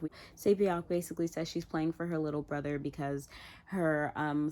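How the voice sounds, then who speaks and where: Woman, lower-pitched voice, chatty show recap vlog, loose and animated, lots of "like". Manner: chatty, heavy use of "like", animated retelling. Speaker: TV show reviewer. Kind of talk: casual recap and reaction.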